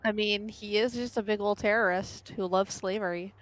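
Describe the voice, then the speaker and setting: A woman's voice: mid-range voice, fairly even intonation, moderate pace. A young woman chatting casually and jokily while a game plays. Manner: jokey, playful, giggly. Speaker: co-host of a gaming stream. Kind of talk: casual chat over gameplay.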